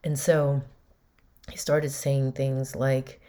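A woman in her forties hosts a podcast and tells a personal family story. She speaks in a low voice, candid and emotional, and acts out what each person said. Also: level tone, slow, warm tone. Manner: candid, emotional retelling with quoted dialogue. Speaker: podcast host.

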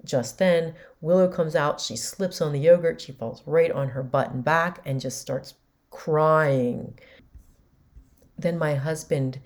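A woman's voice: deep voice, slow, a little mellow. A woman in her forties candidly and emotionally retelling a family story with quoted dialogue, as a podcast host. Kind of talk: personal storytelling.

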